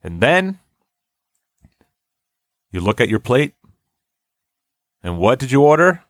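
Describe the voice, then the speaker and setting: A man's voice: medium pitch, sing-song, slow pace, no room sound, studio quality. A young man co-hosting a casual comedy chat, rambling through a story and acting out the lines he quotes.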